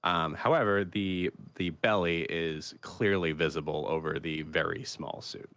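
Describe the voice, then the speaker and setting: A young man narrating as game master, describing scenes haltingly with many fillers. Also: low-pitched, fairly even intonation, a bit bright, dry recording.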